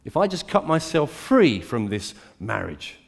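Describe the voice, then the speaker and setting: A man preaching a sermon to a church, dramatic and swinging between hushed, intimate lines and emphatic climbs. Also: mid-range voice, very animated, unhurried, creaky. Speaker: pastor.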